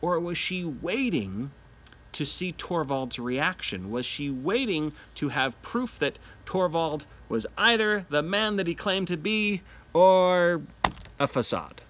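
Animated male teacher, lively voice. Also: fairly high pitch, slow pace. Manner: animated, acts out quotes. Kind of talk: literature lesson.

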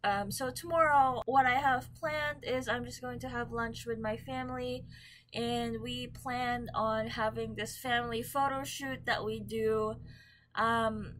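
A woman's voice: fairly high pitch, a bit bright, a little hiss or hum. A young woman chatting casually to camera in a book vlog, bubbly and full of ums and likes. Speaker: book vlogger. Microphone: camera mic.

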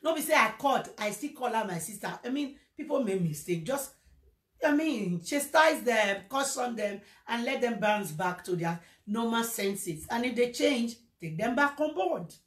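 A Nigerian woman talks to her followers in a high, lively voice, telling a personal story and dropping into Pidgin now and then. Her voice rings in an echoey room. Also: normal speed. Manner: animated storytelling, slipping into Pidgin. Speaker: social media presenter. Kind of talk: casual livestream monologue.

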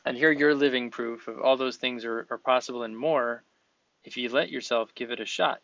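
A man's voice: medium pitch, fairly even intonation, normal speed, creaky, a bit bright, dry recording. A man hosting a podcast interview, speaking earnestly and encouragingly in long flowing sentences. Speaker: podcast host. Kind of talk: conversational interview. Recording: dull, slightly lo-fi sound.

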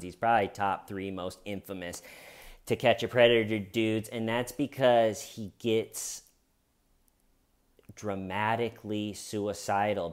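Animated man retelling a true crime story. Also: fairly low pitch. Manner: animated, acts out every quote. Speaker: commentator. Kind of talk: comedic true crime commentary.

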